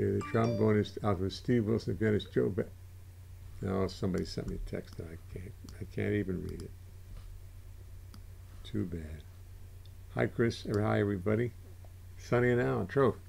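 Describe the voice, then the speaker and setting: A man's voice: fairly low pitch, moderate pace, vocal fry, pauses often, a little mellow, breathy edge. An older man hosting a livestream in casual chat, rambling and interrupting himself as he goes. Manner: rambling, self-interrupting, chatty. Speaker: livestream host.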